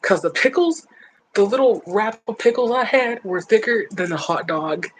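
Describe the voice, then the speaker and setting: A woman's voice: mid-range voice, animated, moderate pace, a little hiss or hum, poor audio. A woman hosting a livestream, chatting casually with her viewers in a playful, blunt and teasing way, laughing often. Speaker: livestream host reading chat. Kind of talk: casual chat.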